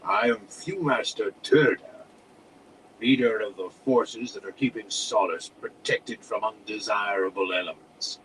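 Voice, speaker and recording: A man's voice: lowish voice, unhurried, a bit bright, distant mic, a little hiss or hum, poor audio. A man voicing a fat, sneering male hobgoblin captain with a thick accent in a storybook reading.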